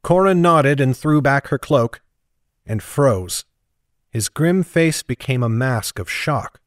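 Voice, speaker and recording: A man reading a fantasy novel aloud as audiobook narrator, in a steady, even storytelling manner. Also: mid-range voice, slow pace, no room sound, studio quality. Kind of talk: scripted narration.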